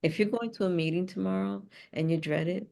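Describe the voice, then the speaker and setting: Low-pitched female host, casual and upbeat, quick to laugh. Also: steady tone, gravelly, mellow. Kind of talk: casual chat.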